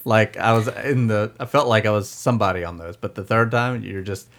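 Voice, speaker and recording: A man's voice: on the low side, fairly quick, vocal fry, fairly bright tone. A man chatting as a guest on a podcast in a laid-back manner. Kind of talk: casual podcast banter.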